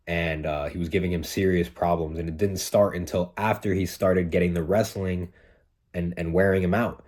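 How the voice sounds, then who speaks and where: Male host, low voice, casual conversational analysis, circles back to his points. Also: warm tone. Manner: conversational, repeats points, frequent um and like. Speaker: fight breakdown host.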